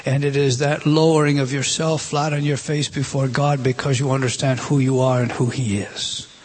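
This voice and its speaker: A man's voice: medium pitch, level tone, moderate pace, darkish tone, slightly rough. A man giving a verse-by-verse Bible teaching, emphatic, often repeating words and restarting phrases as he reads scripture aloud and explains it.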